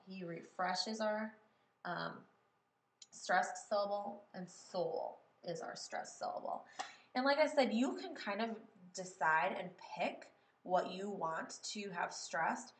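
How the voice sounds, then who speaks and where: Woman teacher walking thru steps slowly, mid pitch, kinda echoey room. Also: fairly bright tone. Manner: patient, explains slowly, repeats words aloud to test stress. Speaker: music teacher. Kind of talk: step-by-step classroom tutorial.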